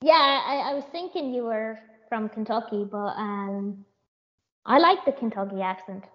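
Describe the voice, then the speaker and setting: An Irish woman, a jockey, talks through a casual interview, pausing often with fillers and restarting her sentences. The audio is muffled and lo-fi, with little top end. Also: a little high, animated. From Ireland. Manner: hesitant, many fillers and restarts. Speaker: jockey, guest.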